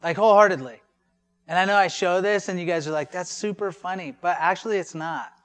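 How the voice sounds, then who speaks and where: A man's voice: sits high, brisk, fairly bright tone. A man preaching a sermon in a conversational way, with rhetorical questions and joking asides. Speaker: pastor.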